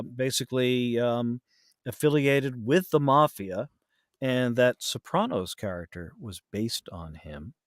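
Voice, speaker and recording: A man chatting as a podcast guest, lively and quick, his voice jumping up and down as he tells his story. His voice sits in a middle register. The sound is close and dry, with no room in it. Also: medium pitch, dry recording. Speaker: guest, audiobook narrator and voice actor. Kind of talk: casual podcast chat. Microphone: podcast studio mic.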